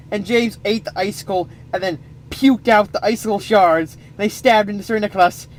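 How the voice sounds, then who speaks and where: A man improvising a comic story, rambling with playful asides. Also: sits high.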